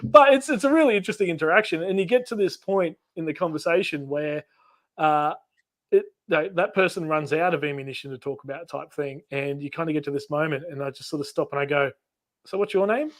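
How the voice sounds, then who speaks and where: An Australian man hosts a casual live stream chat, talking with ease, laughing often and acting out little dialogues in his stories. His voice is a little high and a bit bright.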